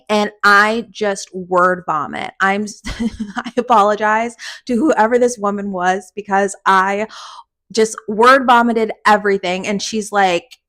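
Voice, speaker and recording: A young adult woman hosting a podcast, telling a personal story in a casual, animated way and swearing freely. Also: medium pitch, moderate pace. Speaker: podcast host.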